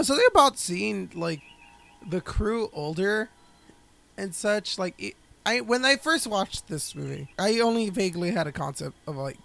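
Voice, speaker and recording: A man with a notably high voice co-hosts a relaxed film podcast. He rambles, restarts his sentences and laughs often as he talks. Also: gravelly. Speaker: podcast co-host. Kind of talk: casual film podcast chat.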